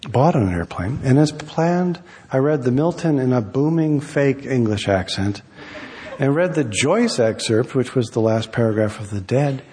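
A man, an author, reading his own essay aloud in a wry, measured storytelling manner. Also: medium pitch, animated, darkish tone, in a large hall. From United States.

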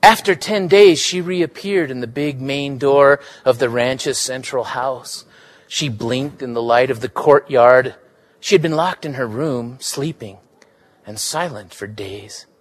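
A man reading a story slowly. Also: medium pitch. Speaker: reader. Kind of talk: live fiction reading.

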